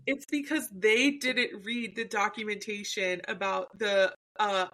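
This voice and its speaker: Bright-voiced woman in chatty recap. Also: medium pitch, fairly even intonation, a little slow. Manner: chatty, quotes people in put-on voices, laughs. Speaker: podcast co-host. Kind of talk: casual recap chat.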